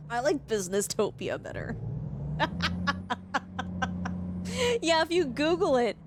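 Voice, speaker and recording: A woman's voice: high-pitched, very animated, slow, very noisy. A woman streamer chatting casually with her live viewers, bubbly and effusive, laughing often.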